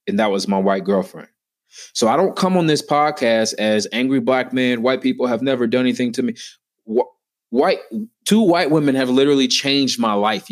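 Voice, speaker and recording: Earnest, emphatic man telling his story. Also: lowish voice. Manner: earnest, emphatic, rising with feeling. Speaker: podcast guest. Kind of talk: heartfelt personal storytelling.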